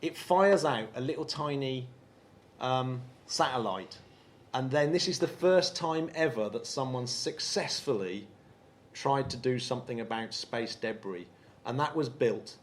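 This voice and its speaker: A man's voice: mid-range voice, a little slow, slight background noise. A man from England hosting a live podcast on stage, chatty and enthusiastic, often laughing. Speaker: podcast host.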